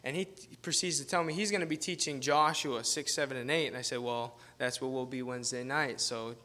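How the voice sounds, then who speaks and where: A man's voice: medium pitch, fairly even intonation, a little fast, pushed and bright. A man preaching as a guest pastor, telling a rambling, self-deprecating story in a casual manner and laughing often. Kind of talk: informal sermon with storytelling.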